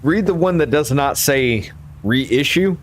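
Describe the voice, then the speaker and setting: A man's voice: medium pitch, lively intonation, slow, slight background noise. A tipsy man, hosting a casual conversation, arguing emphatically and swearing freely. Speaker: host.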